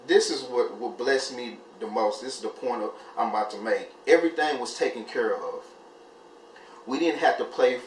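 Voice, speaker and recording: Male vlogger, animated storyteller, echoey room with light hiss. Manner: animated, jumps high when acting out his own panic. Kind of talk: casual storytelling. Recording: echoey room, mic at a distance, faint hiss.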